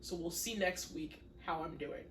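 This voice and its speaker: A young woman co-hosting a podcast in casual chat, congested and wheezy, playful and quick to laugh. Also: lowish voice, a bit bright. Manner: playful, laughs often, dry jokes. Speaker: podcast co-host. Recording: roomy, mic at a distance, faint hiss.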